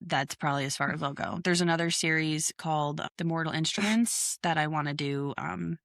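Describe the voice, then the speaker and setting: A woman's voice: low-pitched, fairly even intonation, fairly quick, a bit bright, no room sound, clean studio sound. A woman in her thirties co-hosting a podcast, chatting casually and bluntly, with some swearing. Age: 30s. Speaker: podcast co-host. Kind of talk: casual chat.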